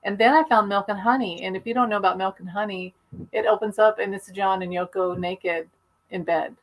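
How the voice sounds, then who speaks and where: A woman's voice: mid-range voice, steady tone, brisk, poor audio. A woman chatting casually on a video call, rambling eagerly through her story and laughing often. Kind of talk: casual chat.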